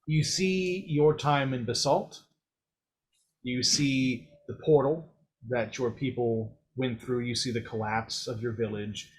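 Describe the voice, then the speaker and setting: Man running a tabletop game. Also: mid-range voice. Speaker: game master.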